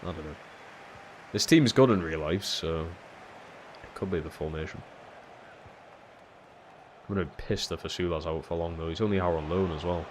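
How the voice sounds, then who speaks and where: Low-voiced man muttering over gameplay. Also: moderate pace, pauses often, a little hiss or hum. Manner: swears freely and swings from low muttering to shouting at big moments. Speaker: streamer playing a football video game. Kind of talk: live gameplay commentary.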